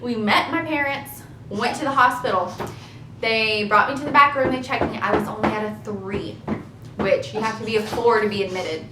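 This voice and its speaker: A young woman casually telling her labor story to camera, chatty and animated, laughing at herself now and then. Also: moderate pace. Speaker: vlogger. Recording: echoey room with faint rumble.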